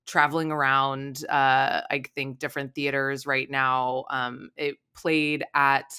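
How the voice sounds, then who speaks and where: Lady film critic on a podcast, low smooth voice, laughs a lot, bit self-deprecating. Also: level tone, takes it slowly, sharp tone. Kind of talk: casual podcast chat.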